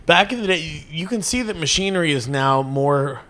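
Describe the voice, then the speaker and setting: Brief: male podcast co-host, casual profane storyteller, slightly high voice, rambling delivery. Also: moderate pace, crowd noise. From small rural American town. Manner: rambling, heavy swearing, lively acted-out quotes.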